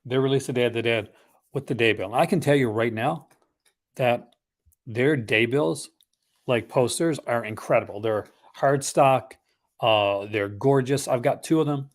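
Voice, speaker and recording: A man's voice: medium pitch, a little slow. A man hosting a casual live unboxing stream, chatting in a rambling, conversational way with enthusiastic asides about films he collects.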